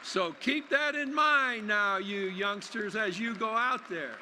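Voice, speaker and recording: An older man giving a folksy, plainspoken commencement speech in a large arena, with halting restarts. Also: high-pitched, pushed and bright, some chatter behind, slight background noise. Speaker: commencement speaker. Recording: long arena reverb.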